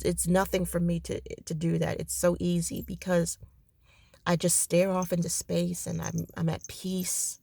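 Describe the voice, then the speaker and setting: A woman's voice: lowish voice, creaky, a little mellow, dry recording, studio quality. A tired woman with a crackly voice chatting casually in a rambling vlog from her parked car. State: tired, ready for bed. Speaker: vlogger.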